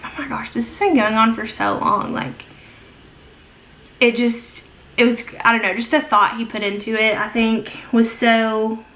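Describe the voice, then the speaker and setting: Young female vlogger, a bit high-pitched, chatty and gushing while doing makeup. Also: a bit bright. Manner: gushing, filler-heavy, many "like"s. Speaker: beauty vlogger. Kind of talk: casual get-ready-with-me chat.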